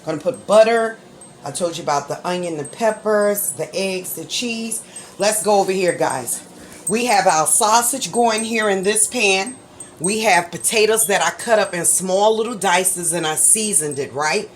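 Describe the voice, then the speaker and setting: A woman's voice: medium pitch, slight background noise. A woman hosting her own cooking channel, chatting casually as she walks through a recipe in her home kitchen, often checking in with "right?" and "okay?" and laughing easily. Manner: talks fast at times, laughs easily.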